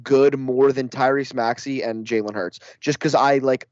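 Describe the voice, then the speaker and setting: A man co-hosting a casual sports podcast, rambling through his points with a steady stream of filler words. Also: mid-range voice, moderate pace, no echo, muffled recording. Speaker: podcast co-host.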